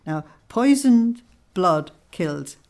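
A woman teaching on a devotional text, explaining it line by line and pausing often with "uh". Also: fairly low pitch, sing-song, a little mellow. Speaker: religious teacher.

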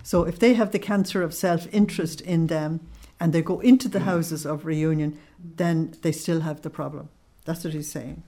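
A woman teaching on a devotional text, explaining it line by line and pausing often with "uh". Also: low voice, fairly even intonation, mellow. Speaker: religious teacher.

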